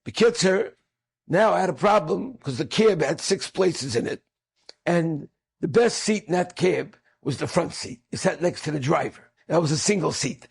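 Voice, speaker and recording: Gravelly high-voiced storytelling man. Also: moderate pace. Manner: animated, acts out quoted speakers. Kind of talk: storytelling talk.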